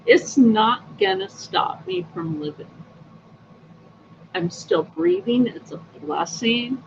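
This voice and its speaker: Slow gravelly-voiced woman telling stories. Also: fairly high pitch, very animated. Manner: chatty, upbeat, rambling with fillers. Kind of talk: casual personal storytelling. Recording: dull lo-fi audio with faint noise.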